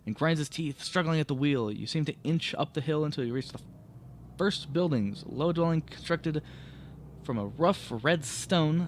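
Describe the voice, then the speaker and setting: A man's voice: fairly high pitch, a little hiss or hum. A man playing a solo tabletop game, reading the adventure aloud and often stopping to correct his own slips. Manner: self-correcting, stumbles and rereads words.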